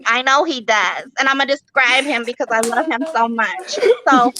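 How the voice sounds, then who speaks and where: Young woman comic ranting on stage, cussing a lot, bright voice, kinda high. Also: normal speed, slight background noise, poor audio. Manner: profane, rambling, brash. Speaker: stand-up comic. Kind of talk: stand-up set.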